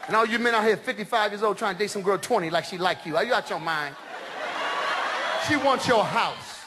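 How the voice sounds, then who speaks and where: A middle-aged man doing stand-up comedy on a large stage, loud and animated, shouting his punchlines. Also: sits high, fairly quick. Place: large comedy stage before a live audience. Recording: live show with crowd laughter and noise.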